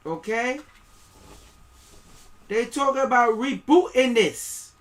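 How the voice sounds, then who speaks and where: A man's voice: extremely high pitch, lively intonation, slow, pauses often. A man with a West Indian accent giving rambling, preachy live-stream commentary, reading aloud and stumbling over words.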